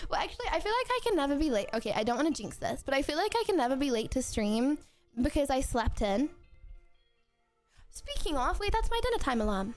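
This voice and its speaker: A young woman with a bright, high voice chats with her live viewers from home. She rambles, laughs easily and trips over her own sentences as she goes. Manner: chatty and rambling, with frequent restarts and giggles. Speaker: streamer. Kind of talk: casual chat with viewers.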